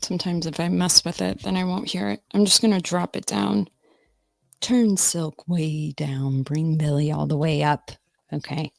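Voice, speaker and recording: A woman's voice: sits low, flat delivery, normal speed, vocal fry, no echo. A woman hosting a casual livestream, chatting loosely with viewers while she fiddles with her audio settings. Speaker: livestream host.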